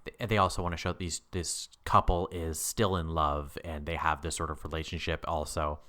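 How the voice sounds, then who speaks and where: A man co-hosting a podcast in casual chat, animated and laughing often, jumping high when he quotes himself. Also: normal speed. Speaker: podcast co-host.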